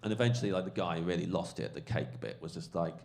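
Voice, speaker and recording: Male comedian, anecdote, rambling, animated, lowish voice. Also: quick pace, gravelly. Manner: rambling, animated storytelling, lots of fillers and swearing. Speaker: comedian guest.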